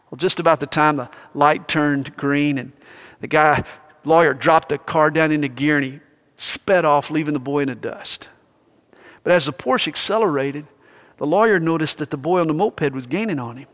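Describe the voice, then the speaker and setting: A male pastor preaching a sermon, telling stories with animated energy. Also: on the high side, moderate pace, in a large hall.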